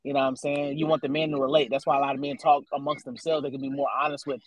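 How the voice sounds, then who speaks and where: A man's voice: medium pitch, flat delivery, very fast, no echo, poor audio. A man in his thirties on a casual adult chat podcast, teasing a co-host with questions and then explaining his opinions at length. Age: 30s.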